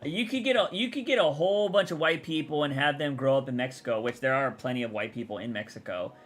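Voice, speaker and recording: A man's voice: medium pitch, quick pace, a bit bright. Young man rambling on a livestream. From Texas. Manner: rambling, chatty, answers chat aloud. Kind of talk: casual livestream chat.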